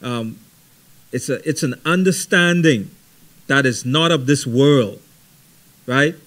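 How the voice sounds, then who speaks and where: A middle-aged man leading a Bible study, teaching conversationally with lively stories and frequent "right?". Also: mid-range voice, takes it slowly. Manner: animated storytelling, frequent ums and repeated "right?".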